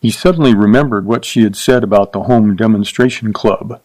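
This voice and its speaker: A man's voice: on the low side, fairly quick, darkish tone, no echo, rough recording. Man reading a story, dry sound. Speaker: narrator. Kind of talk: reading a short story aloud.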